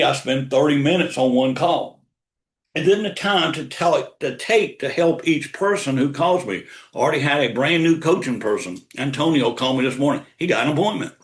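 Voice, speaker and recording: An older man giving a motivational sales coaching talk, repeating key lines for emphasis. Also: medium pitch. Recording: roomy echo.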